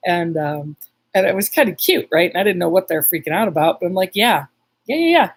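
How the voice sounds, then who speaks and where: A husky, slightly low-voiced woman chats on a live stream as a psychic medium. She rambles through her story with many restarts and stops to read viewers' comments aloud. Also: fast, poor audio.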